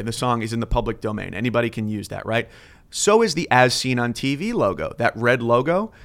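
A man tells long, lively anecdotes in an easy, conversational way, slipping into voices when he quotes people. He sounds like a sports broadcaster in his thirties, chatting with colleagues. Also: medium pitch. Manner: animated storyteller, acts out quotes. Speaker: guest sportscaster. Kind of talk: casual storytelling chat.

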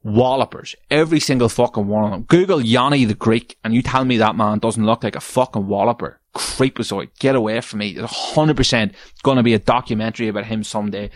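A man hosting a podcast, sweary and exasperated, ranting and climbing into high shouts. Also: dry recording. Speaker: podcast host. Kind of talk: ranting comedic podcast segment.

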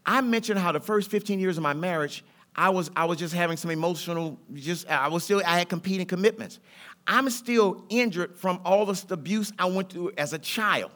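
Male pastor, middle-aged, high and bright voice, fervent rhythmic sermon. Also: a little fast. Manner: preaching with rising fervor, colloquial and rhythmic. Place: church sanctuary.

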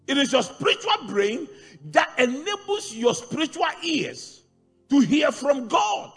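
Animated preacher in a reverberant church. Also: male voice, very high voice, a little slow, creaky. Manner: animated preaching, rising to shouts. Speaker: pastor. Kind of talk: sermon. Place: large church hall. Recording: church hall reverb with faint music.

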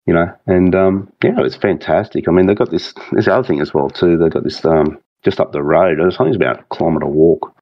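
An Australian man rambling through a casual chat, halting often and restarting his sentences. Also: sits low, dry recording, muffled recording.

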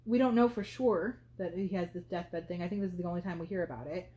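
A woman's voice: fairly low pitch, quick pace, mellow, roomy sound. A woman hosting a podcast, talking through a classic novel in casual commentary, thinking aloud with many fillers. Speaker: podcast host.

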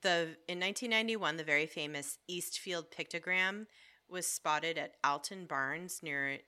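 A woman's voice: deep voice, moderate pace, sharp tone, clear, resonant tone. A young woman co-hosting a podcast, telling a story in a rambling, filler-heavy way. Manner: rambling, many fillers and restarts. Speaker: podcast co-host. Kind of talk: casual chat.

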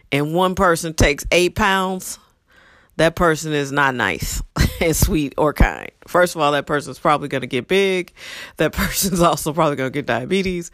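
A woman telling stories from her past in a blunt, animated, profane way, acting out what people said. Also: sits low, dry recording, clean studio sound. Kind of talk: casual storytelling monologue.

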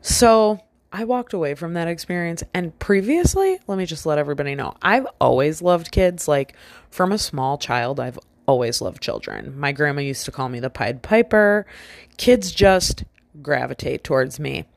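A woman with a low voice tells a personal story in a loose, chatty monologue. She keeps adding "like" and acts out what she and others said. The sound is dry and close, with no room around it. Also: expressive, moderate pace, creaky, no room sound. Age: adult with a child. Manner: chatty and self-reflective, many "like" fillers, quoting herself and others. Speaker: vlogger telling a personal story.

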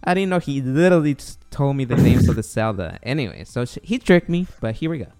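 A man's voice: medium pitch, expressive, quick pace, darkish tone. A man hosting a podcast, telling stories with hesitant fillers and teasing his guest. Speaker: podcast host. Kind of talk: casual podcast chat.

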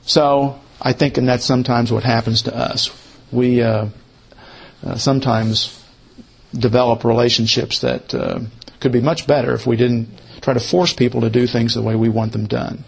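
A man teaching a Bible study lesson, who repeats his key points slowly, as if for note-taking. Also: medium pitch, little pitch movement, creaky, slightly rough.

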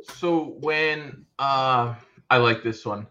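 A man co-hosting a podcast tells stories animatedly in casual chat, loudly acting out the people he quotes. His voice is medium-pitched and he draws out his words, while the recording has a dull, lo-fi quality.

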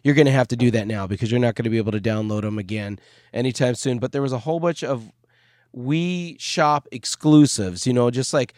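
A man co-hosting a casual podcast chat, joking around and often pausing to search for words with fillers. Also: mid-range voice, darkish tone, dry recording, clean studio sound. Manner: jokey, hesitant, searches for words with many fillers. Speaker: podcast co-host.

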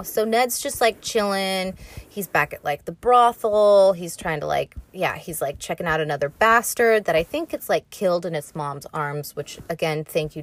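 A young woman vlogger recapping a story casually, rambling, sarcastic and full of swearing. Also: on the low side.

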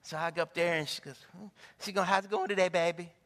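A preacher telling stories in a sermon, calling out to the congregation and acting out the people in them. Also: male voice, high-pitched, fast talker. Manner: animated, calls out to the congregation, acts out the people in his stories. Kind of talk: sermon with storytelling. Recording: echoey hall with long reverb.

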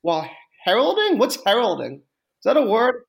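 High-pitched man, casual comedic banter, stammering, rambling, laughing. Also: wildly swooping pitch, moderate pace, creaky. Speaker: podcast co-host.

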